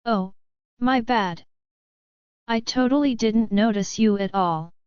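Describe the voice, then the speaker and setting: A woman voicing a haughty young woman who talks mockingly and dismissively, in a slow, clear voice. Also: on the high side, dry recording, lo-fi sound. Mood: snide.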